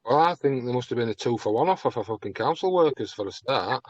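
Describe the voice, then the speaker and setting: A man's voice: mid-range voice, animated, fast talker, no room sound, lo-fi sound. A man chatting as a guest, blunt and sweary. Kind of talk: casual chat.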